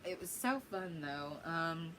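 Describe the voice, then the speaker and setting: A woman's voice: low voice, expressive, slow, noisy background. Giggly young woman rambling through a story. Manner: rambling, giggly, lots of fillers. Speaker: vlogger. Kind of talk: casual story time.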